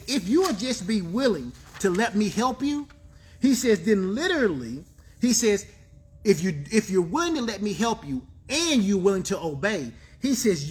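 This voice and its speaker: A man's voice: high-pitched, slightly rough. A man preaching a sermon as pastor, emphatic, repeating key phrases and calling for responses from the congregation.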